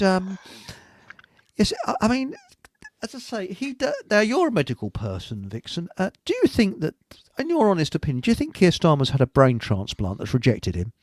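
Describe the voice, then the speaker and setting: A man's voice: a little high, no room sound. A man hosting a live chat show, rambling and giggling as he reads out messages. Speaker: host.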